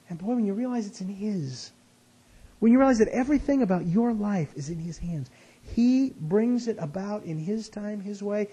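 Animated male preacher, high and warm. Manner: animated, self-deprecating, rising to high excited pitch. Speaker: speaker, Christian teacher. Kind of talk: conversational sermon storytelling. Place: West Coast of the US.

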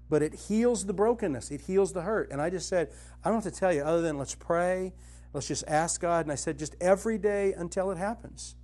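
A middle-aged man giving a conversational spiritual teaching, telling personal stories earnestly, his voice dropping soft and low, then rising with conviction. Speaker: Christian teacher and author.

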